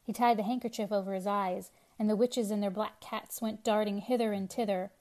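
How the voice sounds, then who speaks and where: Woman storyteller; measured, lively storybook narration. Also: medium pitch. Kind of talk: storybook reading.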